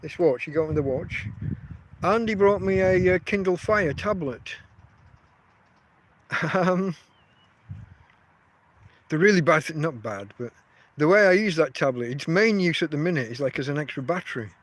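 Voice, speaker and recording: A man's voice: fairly high pitch, animated, normal speed, long pauses, dry recording. A man, chatting casually and rambling on a livestream from outdoors. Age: 50s. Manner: rambling, chatty, often restarts his sentences. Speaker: livestream host.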